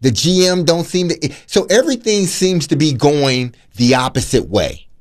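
An opinionated man co-hosts a sports radio show, talking through his views in an animated, conversational way and often repeating words as he goes. His pitch moves around a lot as he makes his points. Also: moderate pace.

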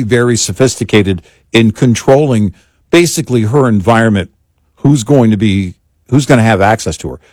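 A man co-hosting a political talk show, talking in an agreeable, steady way. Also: mid-range voice, no echo.

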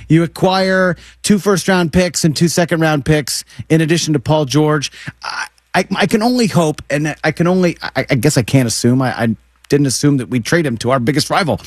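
A man with a somewhat high voice co-hosting a casual sports talk show, talking in a rambling way with stammered restarts and self-deprecating asides. His voice is close and dry, with no room sound. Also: no echo.

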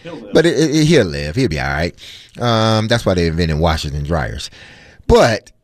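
A man co-hosting a sports talk radio show, telling a chatty, animated story about his lunch. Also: low-pitched, moderate pace, no echo, clean studio sound. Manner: chatty, animated anecdote with fillers.

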